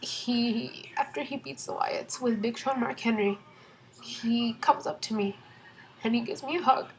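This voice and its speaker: A young woman telling a storytime vlog from home in a casual, excited way, rambling with lots of fillers and restarts. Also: fairly high pitch, a little slow, a little hiss or hum, rough recording. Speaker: vlogger.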